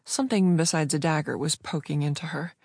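A narrator reading a fiction audiobook at an even, measured pace. The voice sits in a middle pitch, and the recording is dry with no room echo. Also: creaky, husky. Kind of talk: scripted narration.

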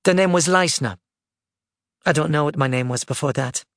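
A man voicing a gentle, apologetic older grandmother in an audiobook, speaking softly and a little quickly. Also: on the high side, no echo, clean studio sound.

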